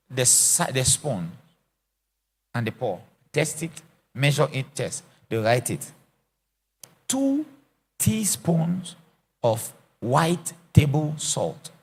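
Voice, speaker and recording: A middle-aged African man, an apostle, leads a church session with a fairly high, husky voice. His lively teaching sermon is animated and theatrical, full of jokes and acted-out scenes.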